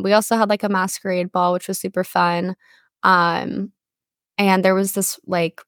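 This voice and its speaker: A woman's voice: lowish voice, gravelly, no echo, studio quality. A young woman co-hosting a podcast, telling a story in a chatty way with lots of fillers. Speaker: podcast co-host. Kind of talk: casual chat.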